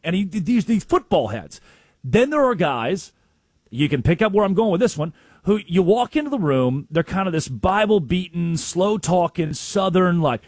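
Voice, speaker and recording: A high, husky-voiced man on a sports talk show, his pitch swinging wildly as he tells stories. He is recorded dry and close, with no room sound. He acts out coaches he has met in bursts of sudden loudness. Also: normal speed, no echo. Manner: excitable storyteller, mimics coaches with sudden loud outbursts.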